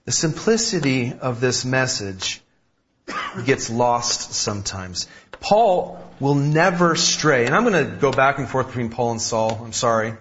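A man's voice: medium pitch, lively intonation, a little slow, fairly bright tone, muffled recording, a little hiss or hum. A man preaching a sermon as pastor, talking in a conversational way, repeating key phrases and restarting sentences.

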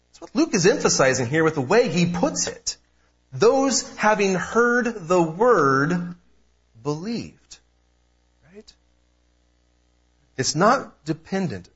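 A man's voice: a little high, a bit bright, dull audio. A man preaching a sermon as pastor, earnest and emphatic, repeating key phrases for weight.

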